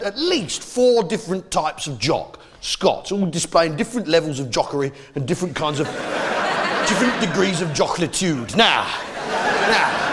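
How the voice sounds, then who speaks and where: A man's voice: high voice, a bit bright. A man doing live stand-up comedy, blustering and working the crowd with rhetorical questions. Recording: live theatre show with audience. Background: crowd laughter.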